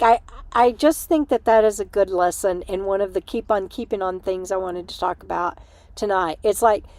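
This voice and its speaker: An older woman, short on sleep, hosts a relaxed livestream from a small room in an RV, chatting through comments with plenty of giggles and fillers. She speaks in a mellow voice on the high side, recorded dry.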